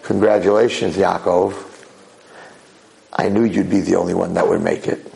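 A man voicing a wise, loving father, speaking in a measured, reassuring way. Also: deep voice, little pitch movement, creaky, dark tone, a little hiss or hum, voice pushed down, low-quality recording.

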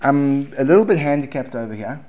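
A man with a South African accent teaching a Talmud class in a relaxed, conversational way, restarting phrases and checking in with his students. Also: medium pitch, a little fast, dull audio. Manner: conversational, repeats words and restarts, asks the room questions. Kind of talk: informal classroom lecture. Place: basement classroom.

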